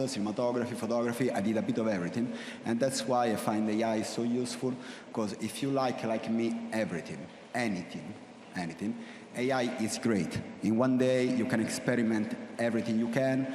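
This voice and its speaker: A man's voice: mid-range voice, a little mellow, a little hiss or hum. A man with an Italian accent, a creative and art director, giving a nervous, interactive workshop talk to an audience. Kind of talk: live workshop presentation. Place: event hall with audience. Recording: echoey hall with long reverb.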